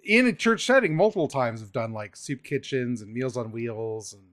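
A man's voice: medium pitch, expressive, normal speed, a bit bright. A man hosting a podcast in a casual, swearing manner, running the outro and plugs. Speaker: podcast host.

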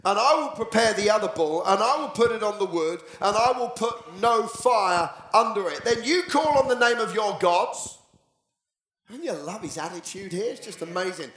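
A man preaching a sermon in a church, telling the story with lively voices and bursts of shouting. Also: high-pitched, normal speed. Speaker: pastor. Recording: echoey church hall.

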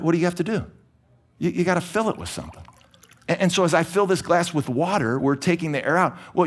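A middle-aged man preaching a sermon from a church stage, talking energetically and conversationally with quick restarts. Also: a little high, fairly bright tone. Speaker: pastor.

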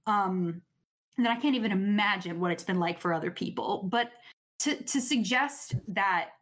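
A woman's voice: medium pitch, normal speed, a bit bright. A woman co-hosting a podcast, speaking earnestly and thoughtfully with many restarts in casual chat. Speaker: podcast co-host.

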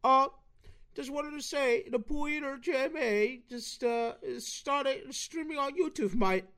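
A man's voice: very high voice, unhurried, bright, forceful tone, voice pushed up, exaggerated voice. A man putting on a brash mock-Cockney bloke. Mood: swaggering. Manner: swaggering, repeats "mate", insulting.

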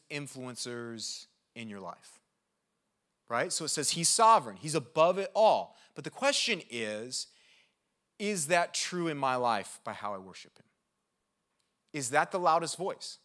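Bright, energetic male preacher. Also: medium pitch. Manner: conversational, checks in with "okay?" and "right?"; energetic and animated, with quick asides. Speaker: pastor. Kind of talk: sermon.

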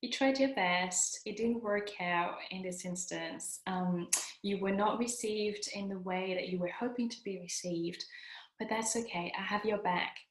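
Woman voicing a soft, soothing inner mentor. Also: mid-range voice, unhurried, natural voice. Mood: reassuring. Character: gentle, encouraging inner CEO, female. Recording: echoey room.

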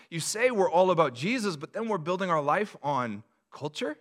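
A man's voice: sits high, very animated, normal speed, few pauses. A man preaching a sermon to his congregation, in a conversational style with rhetorical questions and frequent restarts. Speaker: pastor.

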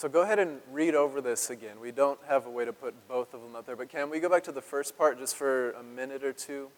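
A man's voice: mid-range voice, quick pace, in a large hall, rough recording. A male pastor giving a playful, conversational sermon in a church, chuckling often and speaking straight to the congregation.

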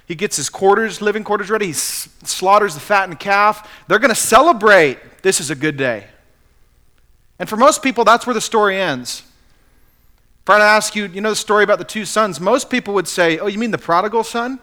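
A pastor preaching a sermon in an animated, emphatic storytelling manner. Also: male voice, sits high, fairly quick.

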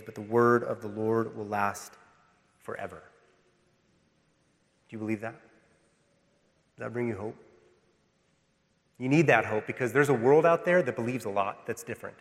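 A male pastor preaching a sermon with passion, swinging between loud emphatic lines and hushed ones. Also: medium pitch, big-room sound. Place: church sanctuary.

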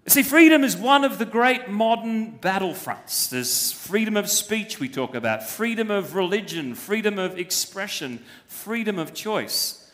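A man's voice: high-pitched, big pitch swings, moderate pace, a bit bright. A man preaching a sermon as pastor, speaking emphatically and posing rhetorical questions to the congregation. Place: church. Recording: long hall reverb.

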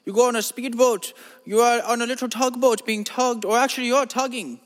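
A man's voice: very high-pitched, fairly even intonation, fairly quick. A man voicing a rambling, self-absorbed eccentric in a comedy monologue, drawling and meandering, then turning suddenly crude. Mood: dreamy. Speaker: comedy podcast host. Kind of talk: absurd comic monologue in a character voice. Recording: long reverberant echo.

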